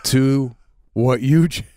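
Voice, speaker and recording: A man's voice: medium pitch, dark tone. A man co-hosting a podcast, talking loosely with swearing and calling people bro, then reading an ad. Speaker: podcast co-host. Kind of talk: casual podcast chat and ad read.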